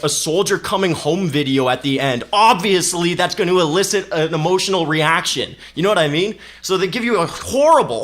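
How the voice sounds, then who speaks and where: A man's voice: on the high side, fairly bright tone. A man in casual podcast chat as a guest, talking bluntly with heavy swearing and heated rants. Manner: blunt, profane, heated ranting.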